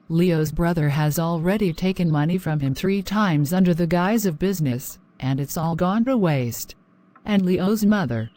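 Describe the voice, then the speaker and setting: A woman's voice: lowish voice, mellow, natural voice. A woman voicing a worried wife who quotes scripture and frets that her husband is being used. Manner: anxious, quoting scripture. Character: worried wife of a generous man.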